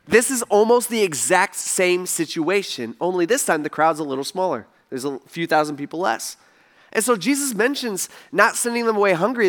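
A young adult man preaching a casual sermon, retelling a story in a conversational, animated way. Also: high-pitched. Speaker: pastor.

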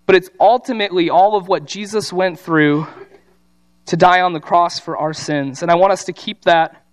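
A man's voice: high voice, fairly bright tone, clear, resonant tone. A man preaching a sermon, reading scripture and retelling it in casual everyday speech. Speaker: pastor.

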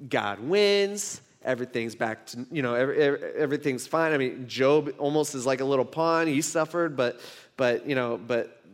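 A pastor preaches a sermon in a conversational way, using a mid-range voice at a moderate pace. He often repeats words and asks his listeners questions.

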